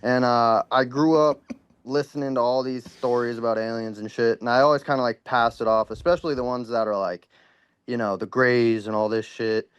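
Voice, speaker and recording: Brief: male caller, mid-pitched, smooth tone, casual rambling storyteller, a bit shaken. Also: steady tone, moderate pace, no room sound. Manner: rambling, full of "like" and "you know," swears freely. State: a little worked up. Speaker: caller sharing a paranormal experience.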